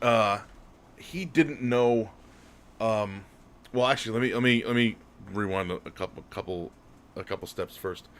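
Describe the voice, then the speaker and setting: A man co-hosting a podcast, telling a casual story in a rambling way. He often corrects himself and laughs as he goes. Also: lowish voice. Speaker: podcast co-host.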